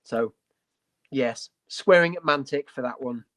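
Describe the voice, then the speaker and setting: A man's voice: mid-range voice, measured pace, fairly bright tone. A man co-hosting a casual hobby podcast, talking with enthusiasm, blunt jokes and playful asides. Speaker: podcast co-host.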